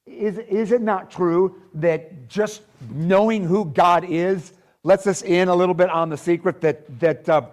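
A middle-aged male pastor delivers a sermon to a live congregation in church. He reads scripture in a steady voice, then shifts to an easy, conversational way of speaking. His voice sits a little higher than most men's.

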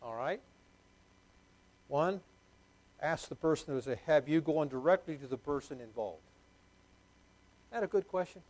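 A man's voice: on the high side, animated, moderate pace, pauses often, darkish tone, low-quality recording. A middle-aged man preaching a sermon, emphatic and repetitive, putting questions to the congregation. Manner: emphatic, repeats key words, quizzes the congregation. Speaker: pastor.

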